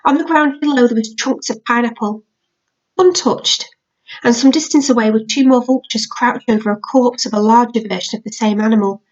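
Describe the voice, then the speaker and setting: A woman reading a children's novel aloud in a measured storytelling manner. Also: on the high side. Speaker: reader. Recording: dull lo-fi audiobook recording.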